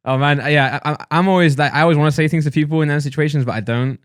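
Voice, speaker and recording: A young man, co-hosting a podcast in casual chat and telling stories as animated mock rants. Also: fairly high pitch, rapid-fire, no room sound, clean studio sound. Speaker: podcast co-host.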